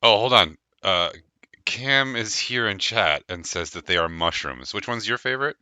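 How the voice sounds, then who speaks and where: A man with a low but intensely bright, forceful voice leads a live tabletop game session. He talks in animated, rambling bursts, restarting phrases and laughing often. The sound is close and dry. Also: normal speed, no echo. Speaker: game master. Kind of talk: casual chat hosting a live tabletop game stream.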